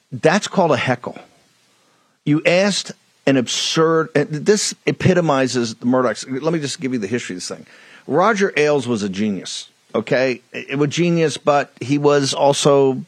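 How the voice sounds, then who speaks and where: A man's voice: mid-range voice, no room sound. Combative male talk host, dry sound. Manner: combative, blunt ranting with repeated lines. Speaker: political talk show host. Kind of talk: heated political commentary.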